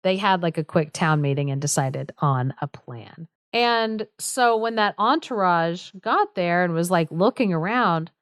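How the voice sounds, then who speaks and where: Chatty woman podcast host, smooth voice. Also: lowish voice, unhurried, hardly any pauses, dry recording, clean studio sound. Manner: chatty, many fillers like "like", lively retelling. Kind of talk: casual storytelling chat.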